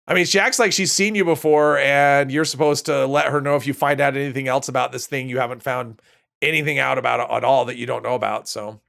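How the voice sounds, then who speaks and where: A man's voice: medium pitch, steady tone, a little fast, creaky, fairly bright tone. A man streaming a video game, rambling and thinking aloud in casual commentary, with a stuffy nose. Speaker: gaming streamer.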